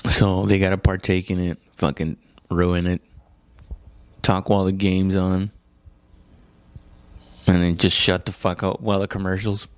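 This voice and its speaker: A low-voiced man tells a loose, profane comedy story and keeps mocking himself along the way. The sound is dry and close, with no room around it. Whenever he quotes someone, his voice jumps up high. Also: level tone, measured pace, long pauses, smooth, dry recording. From immigrant to the United States. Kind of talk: casual storytelling stand-up.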